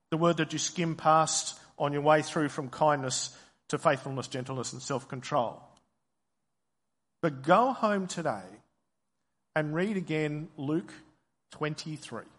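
Slow, deliberate man preaching in a hall. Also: fairly high pitch. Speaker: pastor. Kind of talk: sermon.

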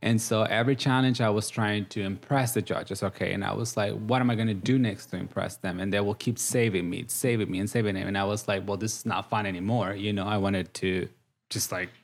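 A man's voice: fairly low pitch, steady tone, a little fast, creaky. Chatty thirty-year-old man, English. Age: 30s. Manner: chatty and warm, with many "like" fillers. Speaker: guest. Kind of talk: casual interview.

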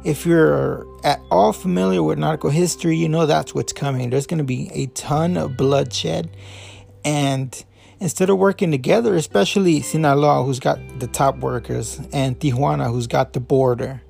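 A man's voice: on the high side, steady tone, normal speed, gravelly, darkish tone, soft background music. A man hosting a podcast, giving a loose, rambling review full of fillers and restarts, a Spanish speaker. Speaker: podcast host. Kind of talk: casual review talk.

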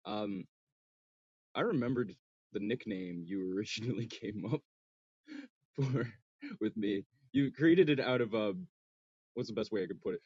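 A man's voice: on the low side, unhurried, long pauses, breathy edge, no room sound, dull audio. A man co-hosting a podcast in casual chat, telling stories and laughing often. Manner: laughs often, lively storytelling. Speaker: podcast co-host.

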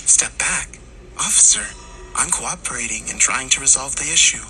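A man voicing a creepy, smooth-talking stranger with a soft, buttery voice in a horror story. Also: medium pitch, lively intonation, moderate pace, soft background music, pitched above the performer's own voice. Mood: smug.

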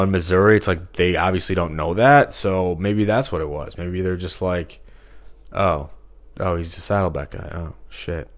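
A man talking alone in a rambling podcast monologue, full of fillers and restarts. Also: low-pitched.

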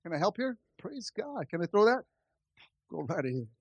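A man's voice: sits high, big pitch swings, normal speed, slightly rough, no room sound, highs cut off. A man pastor preaching a conversational sermon, calling out to the church and building to impassioned stretches. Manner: impassioned, rising in volume.

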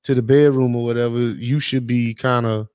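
Man co-host, casual chat, jokey animated storyteller, close dry sound. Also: mid-range voice, normal speed, smooth, no room sound. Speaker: podcast co-host.

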